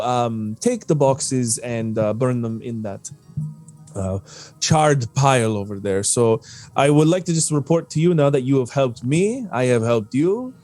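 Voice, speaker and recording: A man voicing a vain, fussy male trader creature who speaks in a raised, halting, courtly way. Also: mid-range voice, warm tone, lightly acted.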